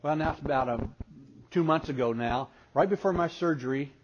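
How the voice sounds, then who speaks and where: A man preaching with humor to a conference crowd, spinning stories and putting on the voices of people in them. His voice sits a bit high for a man. The recording is muffled and lo-fi with a light hiss behind it. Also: a little fast. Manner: animated storyteller who acts out voices. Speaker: speaker at a parenting conference. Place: conference hall before an audience. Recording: dull lo-fi recording with faint noise.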